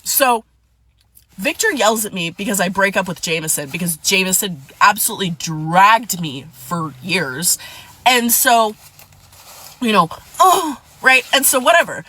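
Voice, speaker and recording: Woman narrating her own drama, lively and fed-up, middle pitch. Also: a little slow, breathy edge. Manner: animated, exasperated storytelling with quoted dialogue. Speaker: storyteller. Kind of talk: storytime chat.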